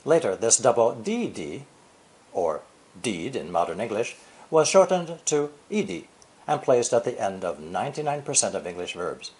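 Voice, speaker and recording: An older male teacher talks through a prepared lesson at a measured, deliberate pace. His pitch sits in a middle register but rises and falls broadly as he leans on key words. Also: big pitch swings, a little mellow. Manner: deliberate, stressing key words with sweeping intonation. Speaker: English teacher. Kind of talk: scripted explanatory lesson.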